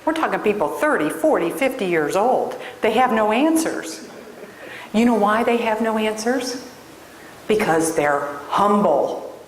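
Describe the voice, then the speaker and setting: A woman's voice: mid-range voice, lively intonation, measured pace, slight background noise. A woman career coach from Des Moines giving a keynote speech, telling stories and addressing the audience emphatically. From Des Moines, Iowa. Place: large hall before an audience. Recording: roomy hall with long echo.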